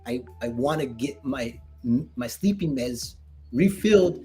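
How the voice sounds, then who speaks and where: A middle-aged man, a retired Marine veteran, telling a story in casual conversation, animated and acting out dialogue with many restarts. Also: medium pitch, measured pace, soft background music.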